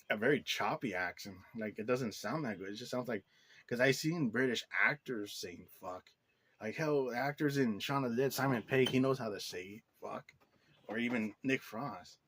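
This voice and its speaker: A man's voice: fairly low pitch, fairly bright tone, no room sound. A man giving a casual, rambling movie review, full of "like" fillers and blunt swearing. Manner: rambling, heavy use of "like" fillers; blunt and profane.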